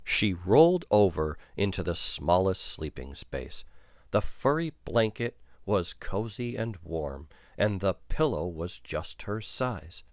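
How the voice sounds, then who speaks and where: A man reading a children's picture book aloud in an unhurried, expressive way. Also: deep voice, no room sound, studio quality. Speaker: storyteller.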